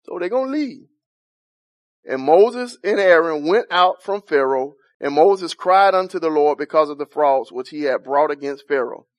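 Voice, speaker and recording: High-voiced man teaching a Bible study. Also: animated, normal speed, no echo. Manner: questions the group, chuckles, informal talk.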